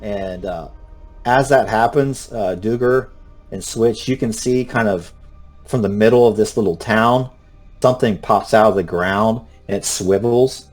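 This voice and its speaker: A man with a lowish voice runs a tabletop game as game master, narrating at a measured pace. His delivery is loose and rambling, full of fillers, with soft music in the background.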